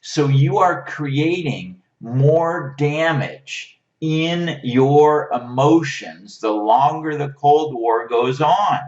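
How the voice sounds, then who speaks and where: A man's voice: fairly high pitch, a little mellow. A man giving a relationship lesson, teaching in a coaching manner and checking in with his listeners as he goes. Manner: unhurried, coaching, checks in with "right?". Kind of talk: motivational teaching talk. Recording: roomy, distant, dull lo-fi sound.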